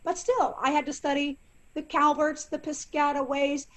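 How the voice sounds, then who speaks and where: A middle-aged woman, a living history actress, answering interview questions in an animated way and acting out quotes. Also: sits high, normal speed. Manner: animated, acts out quotes and accents.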